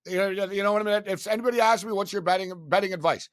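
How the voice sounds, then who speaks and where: A man guesting on an interview, telling stories in a casual, animated, profane way, swinging between loud and soft. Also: high-pitched, fast, no echo, studio quality. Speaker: guest, sports betting media host.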